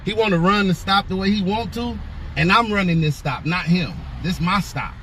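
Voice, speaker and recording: A man's voice: high voice, normal speed, pushed and bright, slight background noise. A man in a parked car arguing with police in a defiant, irritated way, cursing often. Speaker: driver filming a police stop. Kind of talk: confrontational argument with police. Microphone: handheld recording camera.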